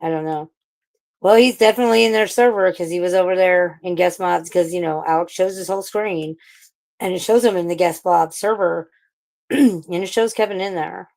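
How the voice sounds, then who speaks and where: A woman's voice: fairly low pitch, normal speed, vocal fry, a little mellow. A woman from St. Louis in a casual livestream chat, ranting and rambling with lots of swearing and restarts. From St. Louis, USA. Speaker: livestream panel participant.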